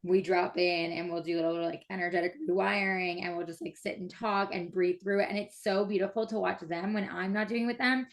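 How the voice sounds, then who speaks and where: A woman's voice: fairly low pitch, fairly even intonation, a little fast, few pauses. A woman in her thirties in casual heartfelt conversation, enthusiastic and gushing, with many fillers. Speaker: mother and breathwork practitioner.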